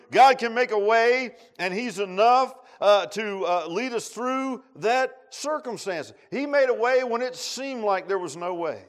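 High-voiced folksy preacher man. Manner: folksy, conversational preaching with many restarts and asides to the congregation. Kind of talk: sermon.

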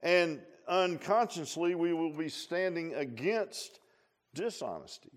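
A man preaching in a relaxed, talky way, circling back on his own words and slipping in small jokes. His voice sits a touch higher than most men's. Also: takes it slowly. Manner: folksy, repeats and restarts phrases, humorous asides. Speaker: pastor. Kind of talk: conversational sermon.

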